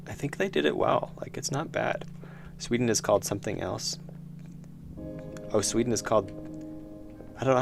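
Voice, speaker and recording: A man's voice: lowish voice, creaky. A man streaming a horror game, thinking aloud in rambling casual commentary with self-mocking laughs. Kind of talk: casual let's-play commentary.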